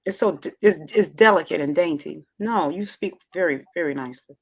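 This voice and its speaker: A woman with a Southern accent hosting a casual chat, effusive and expressive, often repeating herself. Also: on the low side, fairly quick, slightly rough. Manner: loud and expressive by her own account. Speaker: talk show host.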